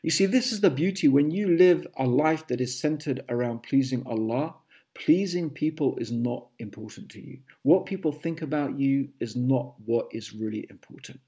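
A man's voice: mid-range voice, normal speed, warm tone. A man giving a sermon, dramatic and emphatic, reeling off lists of exaggerated phrases. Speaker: Muslim preacher. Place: England.

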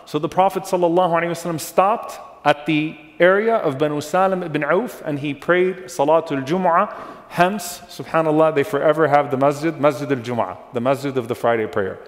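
An Islamic lecturer gives a religious talk on early Islamic history in a large hall, where his slightly high-for-a-man voice trails into long reverb. Speaking a little fast, he explains things step by step, repeats key names and checks in with his audience.

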